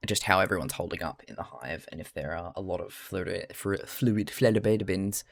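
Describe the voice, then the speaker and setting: A man's voice: low voice, moderate pace, creaky. An Australian man who streams live, talking casually and chattily to his chat while he crafts, rambling a little, laughing often and swearing freely.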